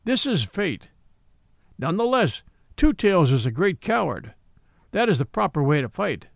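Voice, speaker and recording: A man's voice: high voice, big pitch swings, unhurried, vocal fry, no room sound, studio quality, exaggerated voice. A man voicing a pair of stolid, fatalistic bullocks that speak in a plain, matter-of-fact way.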